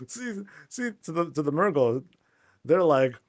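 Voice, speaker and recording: A man's voice: fairly high pitch, no echo. A man hosting a casual game tour, laid-back and joking, with lots of slang. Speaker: game channel host.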